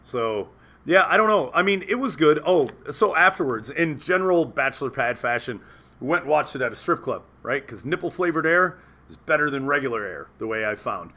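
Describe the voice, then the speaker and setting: Male talk radio host, gravelly and bright; casual, foul-mouthed storyteller. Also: fairly high pitch, expressive, brisk. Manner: profane, rambling anecdotes with loud quoted outbursts.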